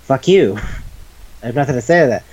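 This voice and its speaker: A man chatting casually as a podcast host, retelling a manga story in an animated, profane way, acting out the characters' lines and laughing often. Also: medium pitch, moderate pace, muffled recording.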